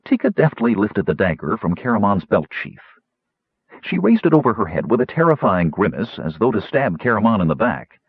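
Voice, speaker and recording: Husky man narrating a fantasy audiobook. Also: lowish voice, brisk, no echo. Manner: lively, expressive reading. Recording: tinny phone-like audiobook recording.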